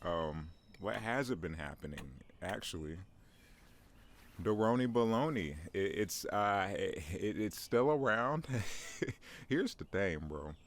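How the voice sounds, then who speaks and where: A man's voice: on the low side, sing-song, takes it slowly, slight background noise. A young man in his twenties rambling through a solo podcast at home, joking at his own expense and stumbling through restarts. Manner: rambling, self-deprecating, joking, many restarts and "bro". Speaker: podcast host. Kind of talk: solo morning podcast monologue. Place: at home, in view of his backyard.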